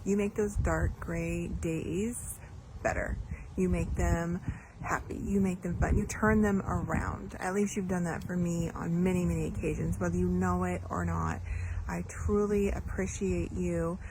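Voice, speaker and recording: A woman's voice: fairly low pitch, steady tone, measured pace, noisy background. A woman gushing affectionate birthday wishes to a dear friend. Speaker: friend giving a birthday message. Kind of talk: warm birthday message.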